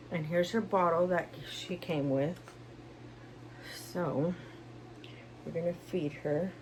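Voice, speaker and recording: A tired young woman chats casually to her viewers with a slightly low voice, rambling along with plenty of ums and likes. A faint hum sits behind her, as if she is recorded at home. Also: steady tone, takes it slowly, a little mellow. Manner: rambling, chatty, with many fillers. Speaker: vlogger. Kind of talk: casual vlog chat.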